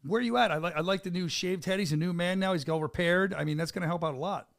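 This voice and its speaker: A man's voice: sits high, vocal fry, a bit bright, no echo, studio quality. A man hosting a fight podcast, interviewing a fighter in an upbeat, hype-man style. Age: adult with two children. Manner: upbeat hype-man talk, quick and repetitive. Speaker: podcast host and fight announcer. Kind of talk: casual interview chat.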